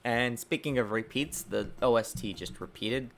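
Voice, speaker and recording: A man streaming his game development work, talking to himself in a lively, self-mocking way. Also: medium pitch, normal speed, gravelly. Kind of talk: casual livestream dev commentary.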